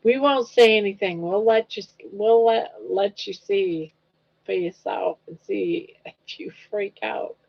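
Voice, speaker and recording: Reading out viewers' comments and cooing at her dog, this older woman rambles through a casual livestream she's hosting. Her voice is medium-pitched and gravelly, her pace a little slow, heard through dull, lo-fi livestream audio.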